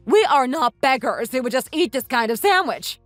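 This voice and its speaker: A woman's voice: high-pitched, big pitch swings, normal speed, faint music behind. A woman voicing a snobbish, spiteful young woman in a voiced texting story, with haughty, sneering outbursts. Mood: scornful.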